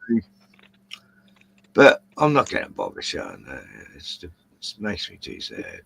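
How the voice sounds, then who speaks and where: A man's voice: low-pitched, wildly swooping pitch, unhurried, creaky, fairly bright tone, slightly rough, no echo, poor audio. A man hosting a late-night livestream chat, rambling, swearing and getting worked up as he talks. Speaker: livestream host.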